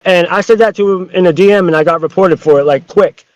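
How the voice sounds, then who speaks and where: Fast-talking heated man, lo-fi dry. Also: high-pitched, a little mellow, dry recording. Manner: heated, profane, rambling with many restarts. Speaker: podcast guest. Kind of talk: casual podcast chat. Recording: dull lo-fi dry sound.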